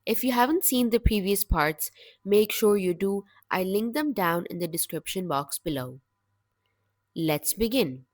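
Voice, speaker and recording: A woman with a mid-range voice delivers a slow, scripted English vocabulary lesson, speaking each word clearly and deliberately. The recording is dry and of studio quality.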